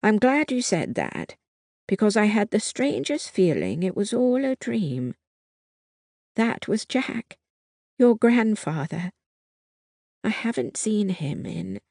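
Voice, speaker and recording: A reader voicing a frail, hoarse elderly grandmother who speaks with anxious urgency. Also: mid-range voice, wildly swooping pitch, slow, long pauses, a little mellow, dry recording, clean studio sound, pitched above the performer's own voice, full character voice. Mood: shaken.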